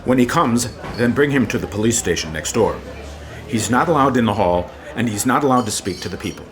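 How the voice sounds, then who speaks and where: A man's voice: mid-range voice, expressive, fairly quick, close to an everyday voice. A man playing a formal police officer in a documentary reenactment, delivering an official order. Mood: stern. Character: stern male police officer delivering a ban. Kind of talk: reenactment acting.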